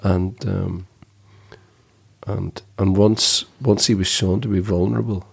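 Gravelly host, wry banter. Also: male voice, low voice, steady tone, unhurried, a little mellow. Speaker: podcast host. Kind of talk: casual podcast chat.

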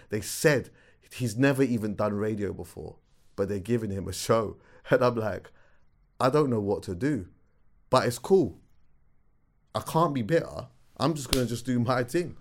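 A man telling a story on a casual podcast, his voice climbing high and loud when he gets excited. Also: unhurried. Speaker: podcast co-host.

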